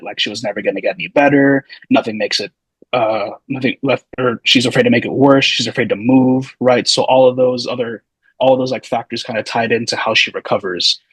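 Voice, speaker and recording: Husky-voiced man telling stories casually. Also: mid-range voice, fairly even intonation, brisk, a bit bright, dry recording, rough recording. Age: 30s. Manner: loose, meandering, full of hedging asides. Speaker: podcast guest, physical therapy student. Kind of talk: casual storytelling.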